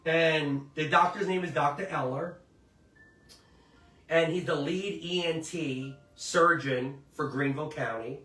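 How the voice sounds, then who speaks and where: A man's voice: on the high side, a bit bright. A middle-aged man hosting a commentary show, telling stories in a casual, emphatic, rambling way and often asking listeners to agree. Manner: emphatic, rambling storyteller who seeks agreement. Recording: roomy, distant mic with faint music.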